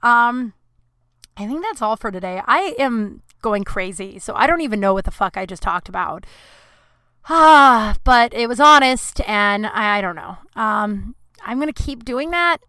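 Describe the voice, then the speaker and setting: A woman's voice: on the high side, animated, a little slow, pushed and bright, clean tone, no room sound. A woman hosting her podcast, telling a rambling, profane, self-deprecating story in a casual monologue. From Colorado. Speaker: podcast host.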